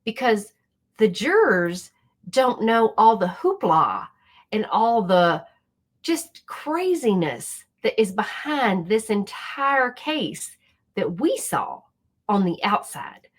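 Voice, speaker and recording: Unhurried chatty woman vlogger. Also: medium pitch. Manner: chatty, animated, speaks directly to viewers. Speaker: YouTube commentary host. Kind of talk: casual reaction commentary.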